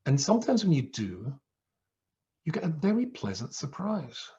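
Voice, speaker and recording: A man's voice: fairly high pitch, huge pitch swings, normal speed, mellow. A man, a rabbi, tells a comic story to listeners on a video call, swinging his voice up and down as he plays every person in it. The sound is a little dull and lo-fi, as video call audio is. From England. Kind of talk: humorous storytelling talk. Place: home, over a video call. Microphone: video call mic.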